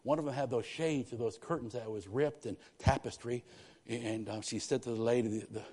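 A man's voice: mid-range voice, brisk. Man preaching an emphatic sermon. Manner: emphatic preaching with repeated phrases and swings in loudness. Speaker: pastor.

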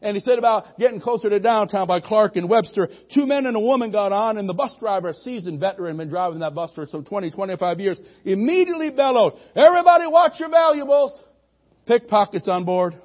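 A man with a high voice preaches to his congregation, climbing into loud, emphatic bursts before falling back to soft, conversational asides. The recording is dull and muffled, like old lo-fi church audio. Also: quick pace, hardly any pauses. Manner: preaching with sudden loud rising peaks and quiet asides. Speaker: pastor. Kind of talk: sermon.

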